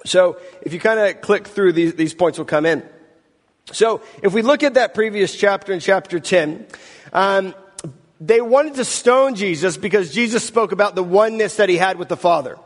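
A man's voice: high voice, animated, normal speed. A man reading scripture aloud and then preaching a sermon in a conversational way, with casual self-deprecating asides. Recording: long hall reverb.

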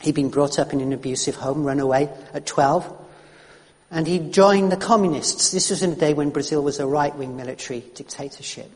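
A man's voice: a little high, a little fast, darkish tone, big-room sound. A man preaching a sermon, chatty and storytelling, often repeating words as he restarts.

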